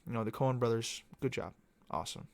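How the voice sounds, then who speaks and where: A man's voice: mid-range voice, a little fast, creaky, no echo. A young man hosting a podcast, talking casually in a loose, profane, meandering monologue. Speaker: podcast host. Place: Arizona.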